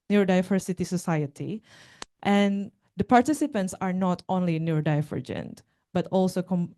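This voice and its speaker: A young woman gives a talk with slides, speaking haltingly with fillers and restarts. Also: on the low side, warm tone. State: out of breath. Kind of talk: conference talk.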